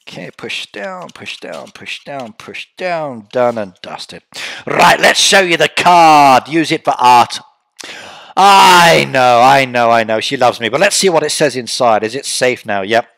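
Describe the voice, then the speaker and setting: A man's voice: mid-range voice, a bit bright, dry recording, studio quality. A man chatting and joking with viewers as the host of a live stream. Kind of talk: casual live-stream chat.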